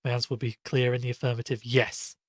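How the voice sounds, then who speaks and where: A man's voice: medium pitch, little pitch movement, fast, no echo, lightly acted. A man voicing an old male servant who speaks in a tremulous, rustic and formal way. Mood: earnest.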